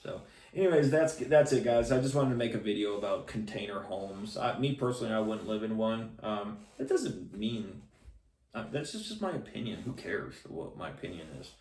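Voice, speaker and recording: A man's voice: on the low side, animated, moderate pace, a little mellow, slight background noise. A middle-aged man speaking casually and bluntly to camera as a salesman and channel host, rambling with many restarts and fillers. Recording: echoey room, voice a bit far from mic.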